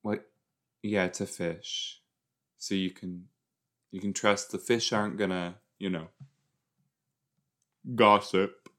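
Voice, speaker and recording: A man casually commenting while he watches a show, chatty and quick to exclaim or laugh. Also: low voice, little pitch movement, fairly bright tone. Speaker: reaction video host.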